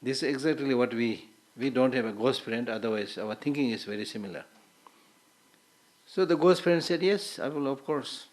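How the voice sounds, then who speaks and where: Male Buddhist teacher, relaxed lecture style, storytelling, occasional Hindi asides. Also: medium pitch, moderate pace. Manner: conversational, repeats words, Hindi asides.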